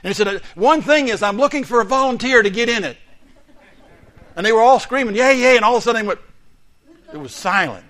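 A male pastor preaching a sermon, moving between loud declarations and quiet, hushed asides. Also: extremely high pitch, lively intonation, fast, long pauses.

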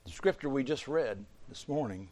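A middle-aged man preaching a sermon, a pastor whose voice climbs to emphatic peaks and then falls low and quiet. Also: expressive, moderate pace. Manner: preaching with sudden surges in pitch and loudness, then dropping low.

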